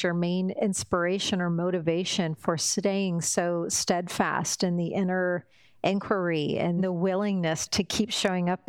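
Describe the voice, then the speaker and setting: A woman's voice: lowish voice, clean tone, dry recording. A woman hosting a casual interview, talking in an effusive, emphatic, spiritual way. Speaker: podcast host. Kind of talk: casual heartfelt interview chat.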